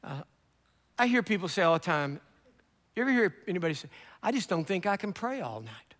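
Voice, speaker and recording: Male preacher, high bright voice, animated storyteller, big echoey hall. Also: brisk. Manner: animated storyteller acting out dialogue. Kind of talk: sermon storytelling.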